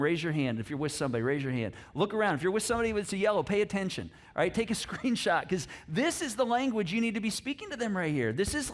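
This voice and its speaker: Male pastor, high-pitched, lively sermon delivery with playful impressions. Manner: animated, acts out voices, laughs often. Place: church. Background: congregation.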